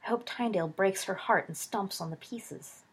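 A woman's voice: medium pitch, normal speed, breathy edge. A woman reading Sirius, a hot-tempered schoolboy. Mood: heated. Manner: hissing, heated. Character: brash teenage schoolboy wizard, hot-tempered.

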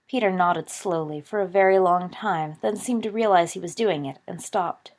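A woman's voice: lowish voice, moderate pace, few pauses, darkish tone. A woman reading a fan fiction story aloud as narrator.

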